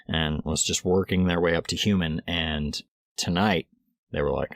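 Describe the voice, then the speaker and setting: Brief: deep-voiced male co-host, loose rambling storyteller, dry close sound. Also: steady tone, normal speed, no echo. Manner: rambling, many restarts and fillers, laughs mid-story. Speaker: podcast co-host. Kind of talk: casual storytelling recap.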